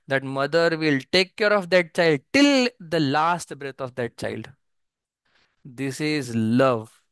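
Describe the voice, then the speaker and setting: A man's voice: fairly high pitch, fairly bright tone, clean tone, no echo. Man chanting and explaining scripture. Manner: chants verses in Marathi, then explains in plain English; asks and answers his own questions. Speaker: spiritual teacher. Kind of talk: scripture commentary lecture.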